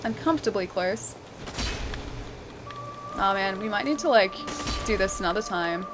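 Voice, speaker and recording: Australian woman, casual game streamer, chatty and full of fillers, loud game music underneath. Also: medium pitch, expressive, moderate pace. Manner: chatty, laughs often, many fillers. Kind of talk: casual gameplay stream chat.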